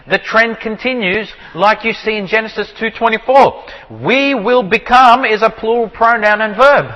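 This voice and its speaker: A man teaching from the Bible, explaining with repeated rhetorical questions and slowing down to stress key words. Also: high voice, sharp tone, long reverb tail, low-quality recording. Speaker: preacher.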